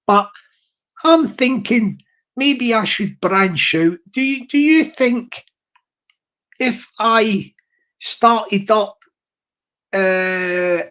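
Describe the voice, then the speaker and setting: A man chatting casually to his viewers as a streamer, rambling and halting with many restarts. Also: sits high, fairly bright tone, muffled recording.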